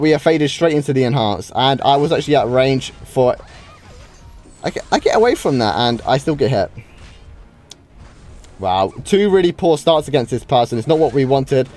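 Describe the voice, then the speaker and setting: A man with a medium-pitched, darkish voice casually narrates his own live game duels as a British streamer. He reacts to play frequently, with lots of wows and sentences he starts over, and faint game music is audible behind him.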